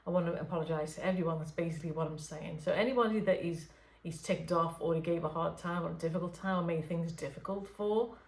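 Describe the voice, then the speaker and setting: Lady medium rambling late at night, lowish voice, lots of ums, roomy echo. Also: quick pace, hardly any pauses. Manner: hesitant, many fillers and restarts; talks softly at late night hours. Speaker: spirit medium. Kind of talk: unscripted channelling session talk.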